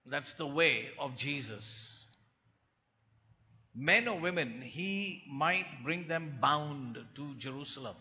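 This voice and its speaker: A man preaching a sermon, swinging from quiet, low lines to loud, forceful bursts. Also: expressive, takes it slowly. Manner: dramatic swings between soft and loud delivery. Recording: dull, echoey hall sound.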